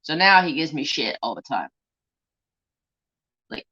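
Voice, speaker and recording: A man's voice: a little high, very animated, unhurried, pauses often, bright, forceful tone, slightly rough, muffled recording. A man hosting a crafting live stream, telling stories in casual, profane chat. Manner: chatty, profane storyteller.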